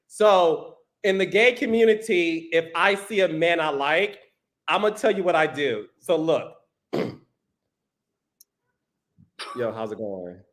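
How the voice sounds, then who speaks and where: A man hosting a podcast and telling a story in a casual, animated way, often repeating words. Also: high-pitched, moderate pace. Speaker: podcast host. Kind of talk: casual chat.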